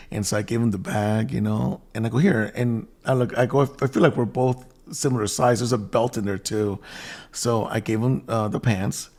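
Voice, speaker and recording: Male host, low-ish voice, casual rambling storyteller who quotes himself. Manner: rambling, self-quoting with restarts.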